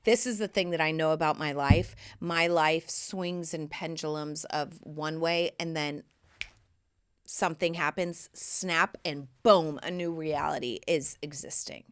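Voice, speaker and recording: A woman in her thirties hosts her own podcast in a slightly low voice. She talks casually, swears freely and swings between loud, bright bursts and hushed, whispery asides. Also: steady tone, unhurried. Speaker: podcast host. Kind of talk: casual solo podcast talk.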